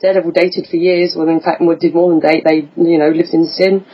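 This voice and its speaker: A woman's voice: fairly low pitch, flat delivery, brisk, dull audio. A woman hosting a podcast in casual chat, chatty and giggly with frequent fillers. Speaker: podcast host.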